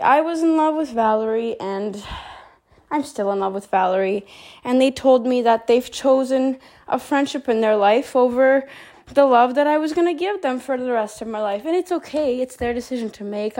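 A woman hosting her own podcast in a casual, wry monologue, a little out of breath and often clearing her throat. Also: on the high side, normal speed, warm tone. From Montreal. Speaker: podcast host.

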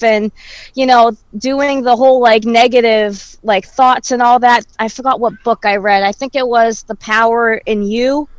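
A woman's voice: a little high, fairly even intonation, normal speed, clean tone, no echo, rough recording. A woman talking candidly in casual chat, reflective and swearing freely.

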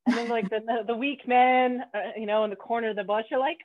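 A playful woman hosting a casual podcast interview, bubbly and quick to laugh. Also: a little high, steady tone, dry recording. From Canada. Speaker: podcast host. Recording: tinny phone-like line.

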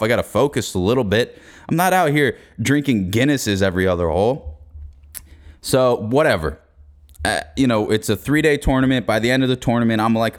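A young man hosting a podcast, telling a comedic story in a casual, profane, laid-back way. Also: fairly low pitch. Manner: profane, laid-back, laughs through his stories. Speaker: podcast host.

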